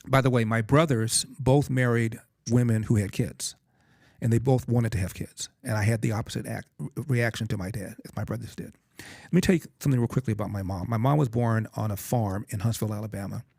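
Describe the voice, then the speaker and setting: A man's voice: fairly low pitch, vocal fry, a little mellow, no echo, clean studio sound. A man in his sixties, a guest in a conversation, telling a personal story in an earnest, emphatic way and acting out the quotes. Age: 60s.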